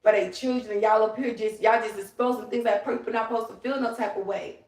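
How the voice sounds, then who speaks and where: Woman, livestream rant, profane, emphatic, fairly high voice, distant mic. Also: fairly even intonation, fairly quick, a little mellow. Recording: roomy, away from the mic.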